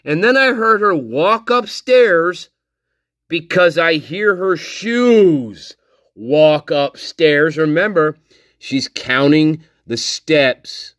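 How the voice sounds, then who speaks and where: A man hosting a livestream, slowly reading out and mocking a statement in a profane rant. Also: a little high, expressive, fairly bright tone, no room sound, clean studio sound. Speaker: channel host. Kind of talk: livestream commentary.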